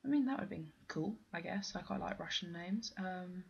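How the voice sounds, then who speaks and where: Low-voiced posh english girl rambling through vlog questions, lots of ums, dull lo-fi mic w faint hiss. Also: normal speed, creaky. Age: young adult. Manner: rambling, self-deprecating, with many ums. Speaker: vlogger doing an accent challenge. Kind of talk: casual chat answering a question list.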